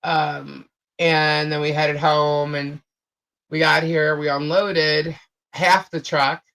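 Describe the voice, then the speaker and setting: A woman's voice: deep voice, level tone, slow pace, fairly bright tone, rough recording. A woman co-hosting a live chat show, telling a long story in a rambling way, full of fillers and repeated phrases.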